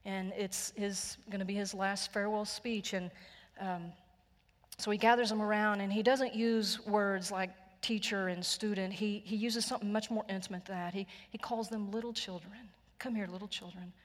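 Woman pastor, Texan accent, earnest and gentle sermon delivery, reverberant church hall. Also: medium pitch, fairly even intonation, normal speed. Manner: gentle, earnest storytelling with soft hushed passages. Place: church sanctuary.

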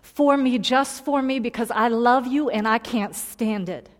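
A woman's voice: on the high side, a little slow, pitched above the performer's own voice, close to an everyday voice. A woman preacher voicing a devout young man pleading through tears, in her own voice. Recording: long hall reverb.

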